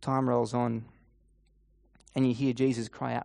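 A man preaching a sermon, retelling a scene vividly in the second person and slowing down and softening his voice for emphasis. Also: mid-range voice, level tone, creaky, no echo, studio quality.

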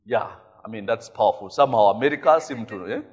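A man with a Ugandan English accent preaching a sermon, telling stories in a lively way, tagging his lines with "eh?" and laughing often. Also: lowish voice, fast talker, slightly rough, lo-fi sound. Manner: animated storytelling, frequent "eh?" tags, laughing often. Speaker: pastor.

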